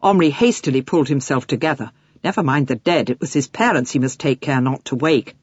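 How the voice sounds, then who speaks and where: A woman narrating an audiobook for children in an expressive storytelling manner. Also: rumbling low, brisk, husky, no echo, muffled recording. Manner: expressive storytelling with lively swings.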